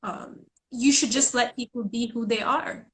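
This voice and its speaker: A woman's voice: a little high, a little slow, fairly bright tone. A woman guest from India with an American-sounding accent carrying slight Indian hints, speaking earnestly in casual conversation and often restarting her sentences. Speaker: guest, journalist and author.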